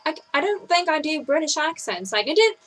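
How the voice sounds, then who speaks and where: High, lively young woman vlogger. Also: a little fast, rough recording. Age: 20s. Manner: animated, mock-outraged storytelling. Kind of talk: casual chat to camera.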